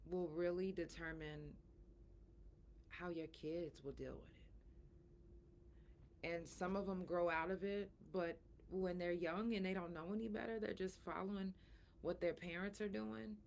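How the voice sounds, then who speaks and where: A middle-aged woman hosting her own podcast, talking frankly and emphatically, sore and breathy at times from a recent surgery. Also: lowish voice, fairly even intonation, a little slow, a little mellow, slight background noise. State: in pain after surgery, soft and breathy at times. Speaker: podcast host. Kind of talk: casual solo talk.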